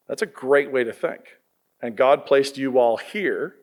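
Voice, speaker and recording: A man's voice: medium pitch, a little slow. A middle-aged man giving a conversational sermon to students, quizzing his listeners as he goes. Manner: lively, conversational, quizzes the audience. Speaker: pastor.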